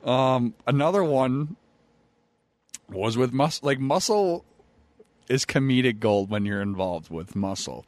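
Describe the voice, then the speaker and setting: A young man chatting casually on a podcast, swearing freely, who tells rowdy stories and acts out quotes louder. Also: medium pitch, animated, takes it slowly, pauses often, no echo. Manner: laid-back, profane, acts out quotes loudly. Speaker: former pro wrestler, guest. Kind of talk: casual podcast chat, storytelling. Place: studio. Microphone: studio mic.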